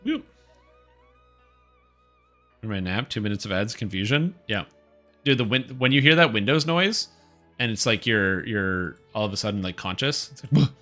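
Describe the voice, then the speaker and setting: A man's voice: lowish voice, expressive, moderate pace, pauses often, sharp tone, soft background music. A man streaming a video game, chatting casually in a rambling, offhand and opinionated way. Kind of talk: casual live-stream commentary.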